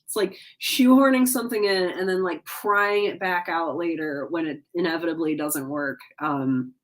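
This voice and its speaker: A woman's voice: on the low side, normal speed. A tired woman hosting a casual livestream from home, yawning between comments she reads aloud and cheering on viewers. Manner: yawning, drowsy, upbeat and encouraging. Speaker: livestream host.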